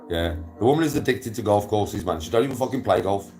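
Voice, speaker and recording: Deep-voiced bloke rambling on his golf stream, swearing and laughing, bit of music in the background. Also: animated, fast talker, warm tone. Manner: rambling, swears, laughs a lot, retells conversations. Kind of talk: casual live stream chat.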